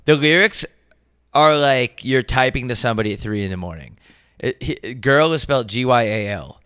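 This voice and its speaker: A young man co-hosting a casual comedic podcast, animated and prone to breaking into loud, high mock voices. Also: moderate pace, smooth, dry recording, studio quality. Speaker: podcast co-host.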